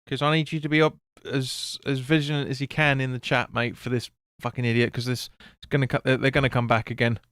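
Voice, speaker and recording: A man's voice: mid-range voice, level tone, fast, hardly any pauses, a bit bright, smooth, no room sound, clean studio sound. A man streaming a football watch-along, calling the play and answering chat bluntly with swearing. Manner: blunt, sweary, chatty with viewers. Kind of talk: live match commentary and chat reading.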